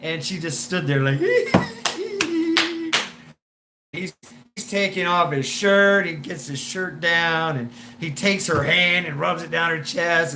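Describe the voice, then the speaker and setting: Bright-voiced man rambling on a live stream. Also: high-pitched, slight background noise. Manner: rambling, swears, laughs often, many restarts. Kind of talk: casual storytelling on a live stream.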